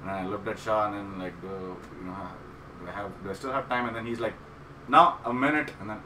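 A man's voice: on the low side, fairly even intonation, quick pace. A man telling a long rambling story in casual chat, often laughing and stumbling over words. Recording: roomy, distant mic with background noise.

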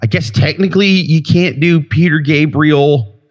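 A man's voice: fairly high pitch, a little slow, muffled recording. Blunt, profane joking man. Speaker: podcast co-host. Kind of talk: casual comedic chat.

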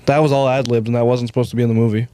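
A man's voice: mid-range voice, flat delivery, racing, mellow. A young man chatting casually about movies, laid-back and swearing freely.

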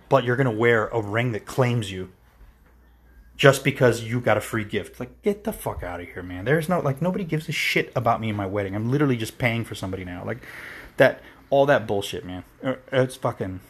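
A man's voice: mid-range voice, expressive, a little fast, husky. A man hosting his own podcast, delivering a heated, profane, rambling solo rant full of restarts. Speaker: podcast host.

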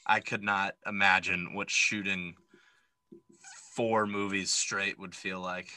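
A man co-hosting a movie podcast, talking in a very bright, forward voice. The sound is close and dry with no room around it. He is opinionated and animated, with plenty of ums and likes. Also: low voice, slow pace, dry recording, low-quality recording. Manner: opinionated, animated, lots of fillers. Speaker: podcast co-host. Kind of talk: casual movie recap chat.

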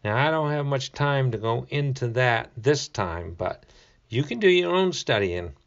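A man teaches the Bible in a relaxed, conversational way, leaning on each key word. He talks very slowly and stops now and then to find his verse. The recording is dull and lo-fi. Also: mid-range voice, creaky. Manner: slow and deliberate, stressing key words; reads scripture aloud, pauses to find verses.

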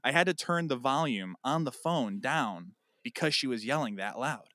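A man co-hosting a casual chat podcast, telling an animated story and acting out a phone call. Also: medium pitch, moderate pace, no room sound, clean studio sound. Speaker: podcast co-host.

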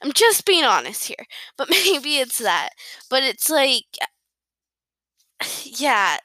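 Bright, rambling woman reviewing a book. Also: high-pitched, big pitch swings, takes it slowly, dry recording, poor audio. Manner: rambling, self-correcting, giggly. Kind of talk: casual book review chat.

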